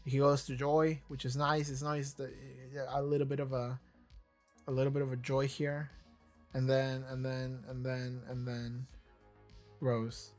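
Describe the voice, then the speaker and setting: An excitable reaction host rambles through casual commentary, tripping over restarts and swearing freely. The voice sits at a middling pitch, and faint music plays behind the talk. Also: unhurried. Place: seated in a chair.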